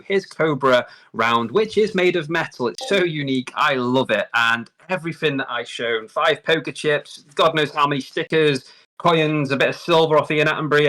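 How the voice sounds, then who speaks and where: A man hosts a live stream, chatting casually and effusively and often repeating words. His voice is fairly high-pitched, pushed, and bright.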